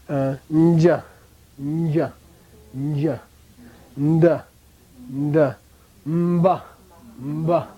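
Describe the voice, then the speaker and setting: Mellow-voiced man teaching a class. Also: fairly high pitch, highs cut off. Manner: drills sounds by repeating them, checks in with "okay?". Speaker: language teacher. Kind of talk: classroom language lesson.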